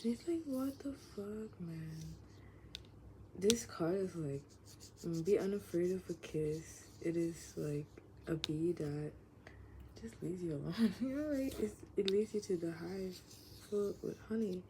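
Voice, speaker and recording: A woman vlogger chatting casually and meanderingly, leaning on "like" constantly and sometimes dropping into soft whispers. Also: on the low side, a little slow. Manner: meandering, heavy use of "like", drifts into soft whispers, laughs often. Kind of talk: casual rambling chat. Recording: clearly audible background noise.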